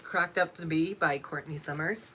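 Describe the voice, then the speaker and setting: A young woman with a low but bright, clear voice takes her time as she reads through her book list, stopping now and then to apologize with a small laugh. The recording has a faint hum of room noise behind her. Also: fairly even intonation. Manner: slow and unhurried, often apologizing and laughing softly. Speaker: book vlogger. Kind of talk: casual reading-list vlog.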